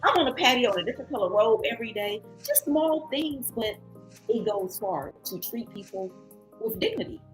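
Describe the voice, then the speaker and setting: A woman's voice: on the high side, normal speed, soft background music. A woman telling a travel story in a casual vlog, acting out other people's voices. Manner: animated, acts out other people's voices in quotes. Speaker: travel vlogger.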